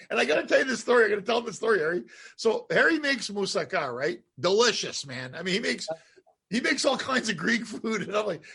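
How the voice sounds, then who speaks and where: A male host with a high voice and a gravelly, husky edge, chatting casually with his guest. He tells stories in a rambling, animated way, piling up restarts and asides. The tone stays loose and conversational throughout. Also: fairly quick. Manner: rambling, animated storytelling with laughs. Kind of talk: casual interview chat.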